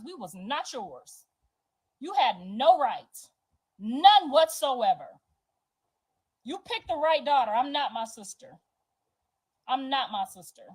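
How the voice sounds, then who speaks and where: A woman's voice: high-pitched, darkish tone, low-quality recording. A woman ranting to her viewers, confrontational and emphatic, swearing heavily. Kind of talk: heated personal rant to viewers.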